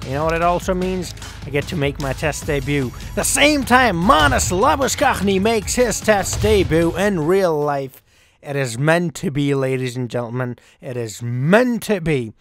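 A man's voice: a little high, expressive, a little slow, faint music behind. A young man casually commenting while playing a cricket video game, rambling and swearing offhandedly. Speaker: gaming channel host.

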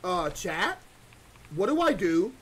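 Man streaming a horror game, high voice, excitable, stammering, chatting to viewers. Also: slow, slightly rough. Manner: excitable, stammering, talks to chat. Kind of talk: live horror gameplay commentary.

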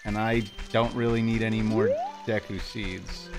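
Over game music, a man streams a video game and casually answers his viewers, reading out their chat in a relaxed, chatty manner. His voice is lowish and at normal speed.

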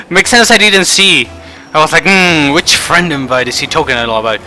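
A man giving frustrated live commentary over a car game, shouting outbursts and then muttering to himself. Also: a little high, moderate pace, soft background music. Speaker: gaming video creator.

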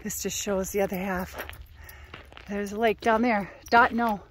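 A woman's voice: medium pitch, steady tone, measured pace, slight background noise. Breathless woman vlogging on a mountaintop. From Arizona. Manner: chatty, talks to her dog. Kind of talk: casual outdoor vlog. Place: outdoors on a mountaintop.

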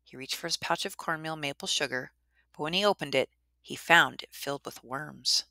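A woman narrates a traditional story at a measured, dramatic pace. Her voice sits low and sounds bright and dry. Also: vocal fry, no echo.

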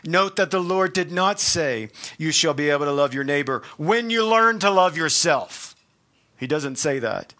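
A man preaching a sermon as pastor, talking conversationally with emphatic quotes from scripture and quick asides. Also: fairly high pitch, animated, sharp tone. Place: church.

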